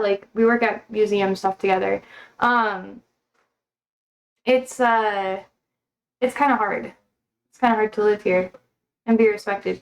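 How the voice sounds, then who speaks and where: A young woman hosting a livestream in casual chat. She rambles, swears and talks bluntly, and she is feeling unwell. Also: on the high side. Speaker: livestream host.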